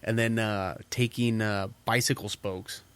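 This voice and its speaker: A man's voice: on the low side, steady tone, a little slow, clean tone. A man co-hosting a podcast, telling rambling stories in casual chat and acting out what people said. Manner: rambling storytelling, swears a lot, acts out quotes. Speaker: podcast co-host.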